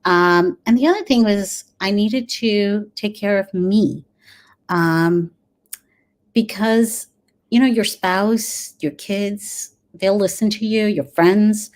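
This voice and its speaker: A woman in her forties, a dentist and grief coach, talking earnestly in an interview with many pauses and fillers. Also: medium pitch, a little mellow. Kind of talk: conversational interview.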